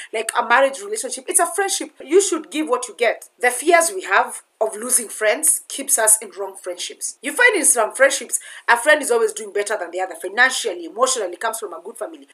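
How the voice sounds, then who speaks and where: Emphatic Kenyan woman, fairly high voice. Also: a bit bright. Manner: emphatic, repeats key phrases for stress. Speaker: podcast host. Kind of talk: impassioned spoken monologue.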